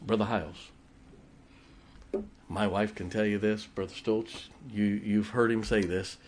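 A man preaching, telling a personal story with emotion and dropping his voice low in tender moments. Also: slight background noise. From Ohio. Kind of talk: sermon storytelling.

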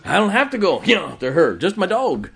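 A male preacher delivers his sermon in a folksy, chatty way, laughing often between points. His voice sits a little high for a man and swings up and down a lot. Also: wildly swooping pitch, brisk. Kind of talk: conversational sermon.

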